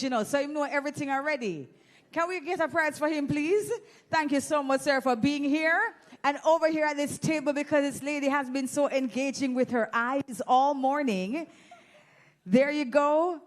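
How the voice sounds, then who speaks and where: A woman with a Jamaican accent hosting an audience giveaway on a handheld mic in an event hall, playful and teasing. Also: high voice. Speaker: event host. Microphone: handheld microphone.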